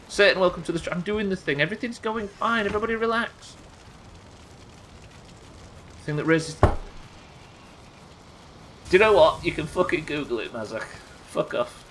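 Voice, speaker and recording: A man's voice: sits high, expressive, normal speed, long pauses, fairly bright tone, a little hiss or hum. A young man hosting a live game stream, bantering with chat in a sweary, exasperated way. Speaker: streamer host.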